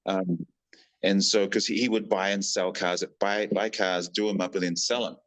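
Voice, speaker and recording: On a roughly recorded podcast, a male guest with a New Zealand accent shares casual stories at a moderate pace. His voice is low-pitched, and he animatedly plays the quoted people in lively voices.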